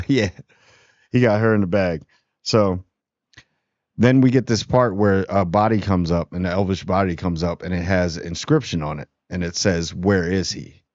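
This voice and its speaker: Male TV reviewer, relaxed and slangy, dull lo-fi sound with no room echo. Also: low-pitched, normal speed. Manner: rambling, slangy, laid-back. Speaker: TV show reviewer. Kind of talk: casual spoiler review.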